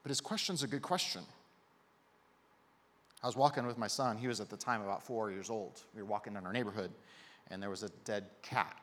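A man in his thirties preaching a sermon in a conversational, joking way with lively emphasis. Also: on the low side, brisk, long pauses. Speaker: pastor. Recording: echoey hall reverb.

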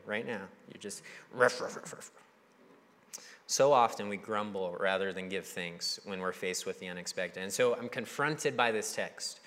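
A young man preaching a sermon as a pastor, talking in a conversational, animated way and acting out the voices he quotes. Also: fairly low pitch. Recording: long hall reverb.

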